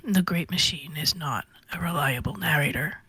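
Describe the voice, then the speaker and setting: A secretive man, voiced by a woman speaks low and quiet, slipping into a whisper. The tone stays hushed and cryptic, with a bright, crisp edge. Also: moderate pace, dry recording, heavily acted.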